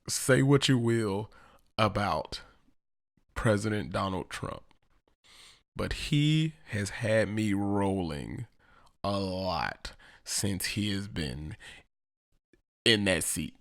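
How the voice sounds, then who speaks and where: A man's voice: on the low side, measured pace. A man hosting a solo podcast, talking casually and profanely and laughing often. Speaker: podcast host.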